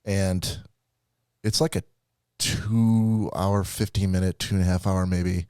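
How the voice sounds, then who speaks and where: A man's voice: deep voice, steady tone, takes it slowly, dark tone, clear, resonant tone, no echo, clean studio sound. A man co-hosting a podcast, ranting and laughing through a profane movie review in casual chat. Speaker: podcast co-host.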